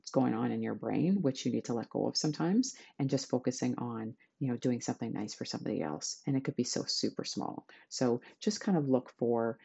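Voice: mid-range voice, brisk, creaky, hardly any pauses, dark tone, slightly rough, lo-fi sound. A podcast host giving a chatty, enthusiastic self-help talk to listeners.

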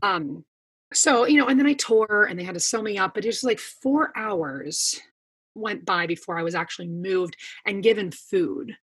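A woman's voice: medium pitch, normal speed, husky. A woman in her thirties, a podcast guest, telling a long story in casual chat with plenty of fillers. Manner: chatty storytelling with many fillers.

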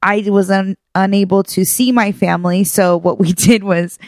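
A woman's voice: medium pitch, normal speed, no echo, clean studio sound. A woman co-hosting a casual podcast, telling family stories with lots of laughter. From Persian family. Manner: laughing often, animated storytelling. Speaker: podcast co-host. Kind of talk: casual chat.

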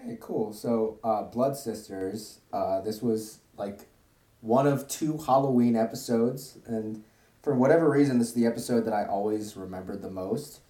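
A man's voice: fairly low pitch, normal speed, dark tone, echoey room. A man co-hosting a podcast, casually recapping a cartoon episode in a rambling way, with lots of fillers and joking asides. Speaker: podcast co-host. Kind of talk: casual chat.

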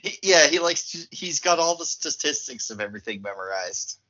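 A man co-hosting a casual film podcast, playful and quick to laugh. His voice is bright and sharp, and his pitch swings a lot as he talks. The sound is a bit dull and lo-fi. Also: big pitch swings. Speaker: podcast co-host.

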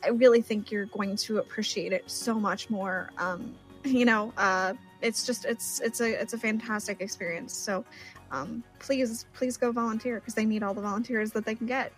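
A woman's voice: on the high side, steady tone, normal speed, soft background music. A woman co-hosting a podcast, speaking earnestly and encouragingly, with stammered restarts. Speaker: podcast co-host. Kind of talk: casual podcast chat.

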